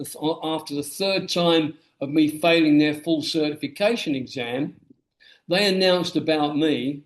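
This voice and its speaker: A man being interviewed about his memoir, telling stories and acting out the things people said to him. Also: on the high side. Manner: animated storyteller who acts out quoted dialogue. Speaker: guest, memoir author. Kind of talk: storytelling interview answer. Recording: roomy echo.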